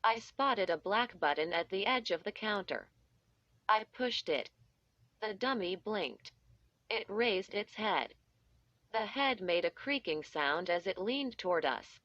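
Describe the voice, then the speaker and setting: A woman narrating a spooky children's story in the first person, in an even, measured way and at an unhurried pace. The recording is dry and slightly muffled. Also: mid-range voice, no echo. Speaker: audiobook narrator.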